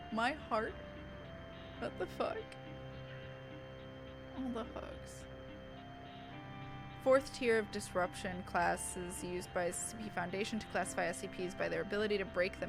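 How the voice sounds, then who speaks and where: Over background music, a young woman streamer reads dramatically to her chat, then slides into loose conversation, gushing and cursing without restraint. She speaks at a medium pitch with vocal fry, and the audio is rough.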